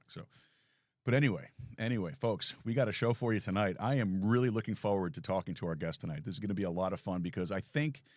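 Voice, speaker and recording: Rambling talk show host, low voice. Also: male voice, a little mellow, no echo, clean studio sound. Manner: rambling, self-deprecating, lots of restarts. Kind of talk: casual live talk show monologue. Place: small home studio.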